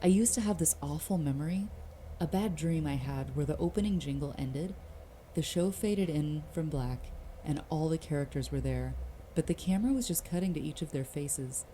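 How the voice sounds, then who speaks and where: Somber woman narrator for a creepy tale, deep mellow tone, slow delivery. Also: slight background noise. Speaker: narrator reading forum posts. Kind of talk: scripted horror story narration.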